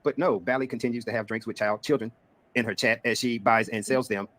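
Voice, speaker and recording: A man's voice: mid-range voice, steady tone, brisk, fairly bright tone. A man hosting drama commentary, replaying clips and explaining with sarcasm. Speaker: commentary streamer.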